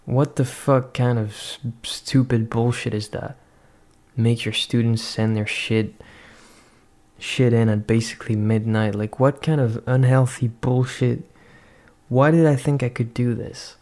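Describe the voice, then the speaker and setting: Flat-voiced young man ranting. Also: mid-range voice, slow, pauses often. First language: not English. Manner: profane, ranting, introspective. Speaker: vlogger. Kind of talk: rambling personal monologue.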